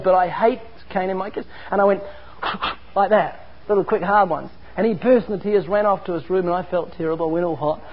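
A man preaching a sermon, earnest and emphatic, mixing scripture with personal stories. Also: high-pitched. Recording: dull lo-fi recording.

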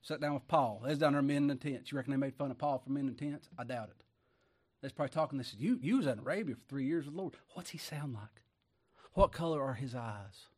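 A man preaching a folksy sermon, swinging between loud declaiming and hushed asides, chuckling often and talking in plain homespun speech. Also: mid-range voice, rapid-fire.

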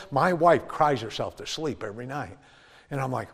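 A middle-aged male pastor preaches with lively, storytelling energy, jumping from quiet asides to shouted punchlines. His mid-pitched voice rings out under a long church reverb. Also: moderate pace, slightly rough. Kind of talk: sermon.

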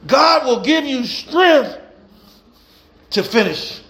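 A man's voice: extremely high pitch, expressive, slow, a bit bright. A man preaching a sermon as pastor, emphatic and repetitive.

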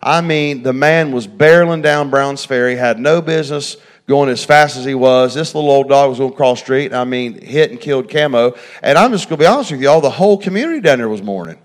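A man's voice: mid-range voice, fairly quick, hardly any pauses. A middle-aged man preaching a folksy sermon, repeating phrases and talking straight to his congregation. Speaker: pastor.

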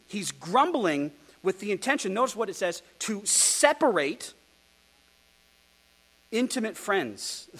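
Animated preacher man with a lively voice. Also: fairly high pitch. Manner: animated, rhetorical, with ironic asides. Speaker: pastor. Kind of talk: expository sermon.

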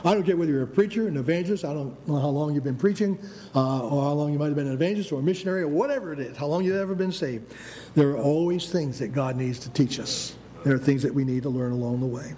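A man's voice: a little high, fast talker, warm tone. An older American man preaching a sermon, emphatic, with frequent restarts and calls of "Amen?". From United States.

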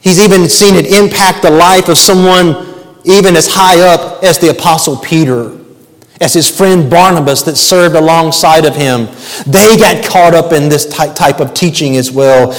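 A man's voice: high-pitched, unhurried, in a large hall, poor audio. A man preaching a sermon as pastor, emphatic and repeating key phrases for weight.

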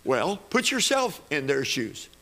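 A man's voice: on the high side, very animated, unhurried, pushed and bright. A man preaching a sermon, building to emphatic peaks and repeating phrases as he goes.

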